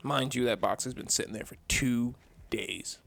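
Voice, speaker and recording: A man's voice: medium pitch, normal speed, creaky, a bit bright. A man vlogging an angry, profane rant about a bad customer experience, telling the story in a heated, exasperated way.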